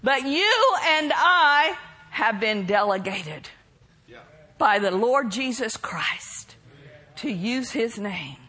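A woman preacher delivering a sermon, bold and emphatic, breaking into shouted declarations. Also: a little high, very animated, slow pace, slightly rough.

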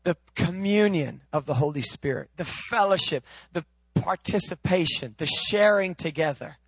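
A male preacher with a high-pitched voice delivers his sermon, rising into loud, ringing proclamations and then dropping to soft, close teaching. The sound is dry and close, with no room around it. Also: normal speed, breathy edge, dry recording. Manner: swings from loud, high proclaiming to low, quiet, intimate teaching.

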